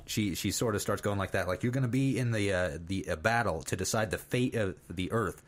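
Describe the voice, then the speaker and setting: A young man co-hosting a podcast, retelling cartoon scenes in a halting, casual way with fillers and quoted lines. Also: lowish voice. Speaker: podcast co-host. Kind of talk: casual chat recapping a cartoon. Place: studio.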